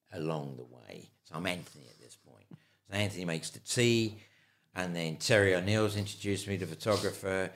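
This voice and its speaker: An older man with a London accent, an interview guest telling stories in a casual, animated way, with many restarts and stammered repeats. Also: sits low. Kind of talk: casual anecdotal storytelling.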